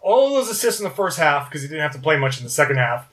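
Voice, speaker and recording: A man's voice: on the high side, very animated, quick pace, fairly bright tone. Man reading off sports stats. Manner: reads off stats, self-correcting. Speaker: podcast co-host. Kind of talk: casual sports chat.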